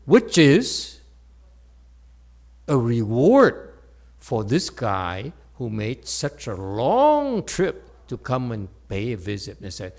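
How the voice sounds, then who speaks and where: A male meditation teacher leads a Buddhist dharma talk before an audience. He speaks slowly and playfully, teasing his listeners and checking that they follow. His pitch swings widely as he talks. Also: huge pitch swings, a little mellow. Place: meditation center hall with audience.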